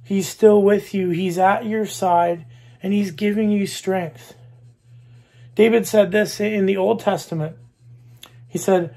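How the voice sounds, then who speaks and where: A man preaching a sermon, slow and emphatic, repeating key phrases. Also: sits high, fairly even intonation, dark tone. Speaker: pastor.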